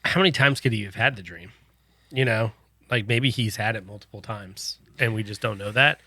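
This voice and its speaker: A man's voice: on the low side, normal speed, sharp tone, no room sound. A man co-hosting a podcast who thinks aloud about a Bible story and says "like" often. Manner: thinks aloud, heavy use of "like". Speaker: podcast co-host. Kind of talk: casual Bible discussion.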